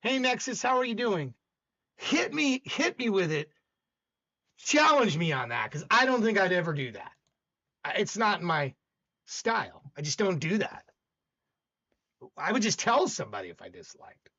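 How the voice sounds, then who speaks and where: A high, bright-toned man with a Southern accent rambles through casual livestream chat, arguing with his viewers. His pitch jumps around a lot, and the sound comes through slightly dull, lo-fi stream audio. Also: sing-song, normal speed, long pauses. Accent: Southern American. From American South. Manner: rambling, talks back to chat, argumentative. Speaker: livestream host.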